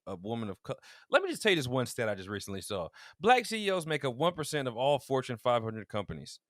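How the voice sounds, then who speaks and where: A man with a mid-range voice talks fast while co-hosting a podcast, telling stories in casual chat. He acts out the quotes he relays, laughs often, and keeps the storytelling animated. The recording is dry and studio quality.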